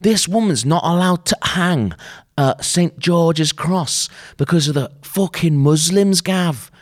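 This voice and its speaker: A man's voice: on the high side, animated, slow, pitched above the performer's own voice. A man putting on a Northern English accent to voice a blustering, bigoted male coworker, ranting indignantly.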